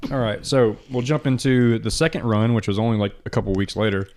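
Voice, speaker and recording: Podcast host, man, lowish voice, brash and profane, excitable casual chat. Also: brisk.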